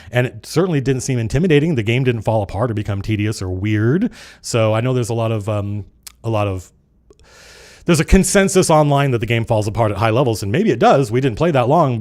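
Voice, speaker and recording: A middle-aged man hosting a casual livestream chat, talking fast and acting out the people he quotes, with some swearing. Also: mid-range voice. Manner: animated, swearing, acts out quoted players. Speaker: streamer and game designer hosting a live chat.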